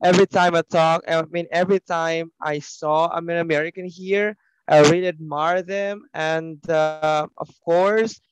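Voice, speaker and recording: Excited man, smooth clear voice. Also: a little high, no room sound, poor audio. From Philippines. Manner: excited, halting, many restarts and self-corrections. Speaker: English teacher and linguistics postgraduate. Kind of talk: casual online class chat.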